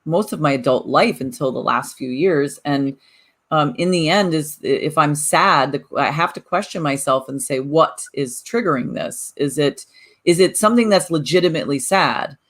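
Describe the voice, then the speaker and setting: A woman co-hosting a talk podcast in an animated, casual chat, often restarting her sentences. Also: low-pitched, normal speed. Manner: animated, repeats words when restarting. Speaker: podcast co-host.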